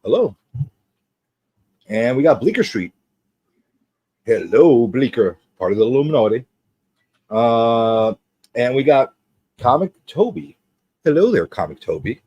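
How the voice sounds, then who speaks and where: Joking, animated male stream host. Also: mid-range voice, measured pace, long pauses, breathy edge, no echo, muffled recording. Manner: joking, rambling, teasing viewers. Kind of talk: casual livestream chat.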